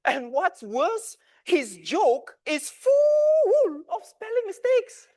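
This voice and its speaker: A man's voice: extremely high pitch, sing-song, drawn-out words, darkish tone. A man in his thirties giving a dramatic storytelling speech with big swings in volume. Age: 30s. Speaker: club speaker.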